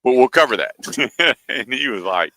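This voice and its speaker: A man's voice: medium pitch, animated, a little slow, sharp tone, dry recording. A man hosting a radio show, talking casually and acting out callers' lines as he tells folksy stories. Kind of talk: casual radio talk with ad reads. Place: radio studio.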